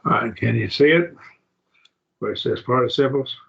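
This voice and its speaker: A man teaching a Greek grammar class, explaining words slowly and checking in with his students. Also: mid-range voice, vocal fry, a bit bright. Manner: slow, explanatory, repeats words and checks with "okay?" and "see?". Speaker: Bible college Greek teacher. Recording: dull lo-fi classroom recording.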